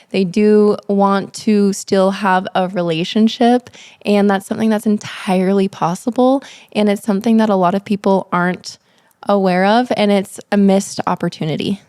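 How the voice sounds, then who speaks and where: A woman's voice: medium pitch, a little mellow, clean tone, dry recording, studio quality. A woman guest on a podcast, chatting casually and eagerly affirming the other speaker. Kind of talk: casual conversation.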